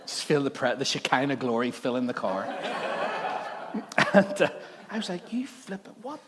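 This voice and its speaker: A man's voice: medium pitch, expressive, measured pace, crowd noise. A man preaching a sermon in church, telling stories animatedly and laughing often. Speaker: pastor. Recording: long hall reverb, faint background noise.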